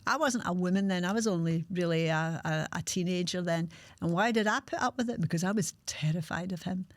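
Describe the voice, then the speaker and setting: A woman's voice: lowish voice, no room sound. Frank Glaswegian woman in her sixties. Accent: Glasgow. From Scotland. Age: 60s. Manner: frank and unguarded, with halting restarts. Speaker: podcast host. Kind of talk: candid personal storytelling.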